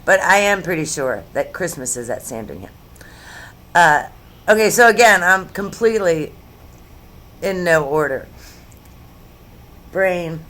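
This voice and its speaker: This YouTube host, a woman in her fifties, rambles casually to camera at home, sarcastic and chatty as she wanders across topics. Her lowish, slightly bright voice is animated yet unhurried, with frequent pauses.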